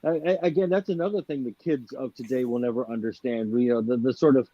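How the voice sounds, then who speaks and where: A middle-aged man from Michigan chatting casually, halting and restarting often. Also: medium pitch, crowd noise. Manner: halting, many restarts and fillers. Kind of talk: casual chat. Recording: dull, dry lo-fi audio.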